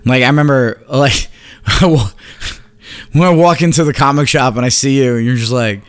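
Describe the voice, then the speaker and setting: A man's voice: medium pitch, normal speed, smooth. A laid-back man chatting casually with a friend. He laughs easily and often leaves his sentences unfinished. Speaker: podcast co-host. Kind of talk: casual chat.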